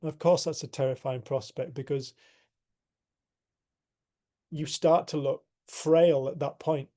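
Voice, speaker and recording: A man's voice: on the high side, steady tone, unhurried, dark tone. A man speaking candidly to a group on a video call, earthy and frank, laughing at himself now and then. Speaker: group facilitator. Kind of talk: casual spiritual talk to a group.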